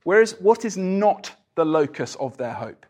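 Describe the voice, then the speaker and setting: A man leading an interactive Bible study in church, talking conversationally with fillers and restarts, and growing animated when he reads scripture aloud. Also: high-pitched, a little slow. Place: church gathering.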